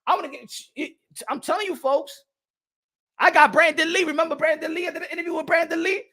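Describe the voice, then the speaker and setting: A man hosting a boxing channel, ranting to camera in a loud, repetitive, trash-talking way and keeps asking "huh?". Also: very high voice, fast. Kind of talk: casual rant to camera.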